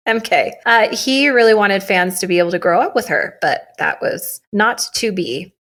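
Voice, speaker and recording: A young woman co-hosting a casual podcast, talking into a studio mic. She jokes, teases herself and her co-host, and laughs often. Her voice sits at a middling pitch. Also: normal speed, fairly bright tone. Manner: joking, self-mocking, laughs often. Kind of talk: casual chat.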